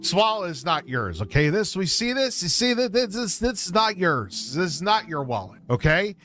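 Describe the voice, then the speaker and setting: A man's voice: high voice, big pitch swings, moderate pace, sharp tone, soft background music, pitched above the performer's own voice, heavily acted. A man mocking a whiny ranting streamer. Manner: mocking, exaggerated whining. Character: whiny, angry young male streamer ranting.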